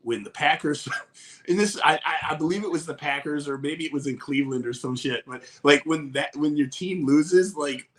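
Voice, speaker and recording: A man's voice: a little high, normal speed. A man co-hosting a casual podcast, talking in a blunt, profane, rambling way. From Wisconsin. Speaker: podcast co-host. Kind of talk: casual chat.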